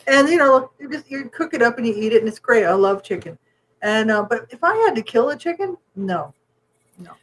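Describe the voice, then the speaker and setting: A woman co-hosting a casual podcast chat who talks in a chatty way, laughs often and lets her sentences trail off softly. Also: a little high, animated, brisk, low-quality recording. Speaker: podcast co-host.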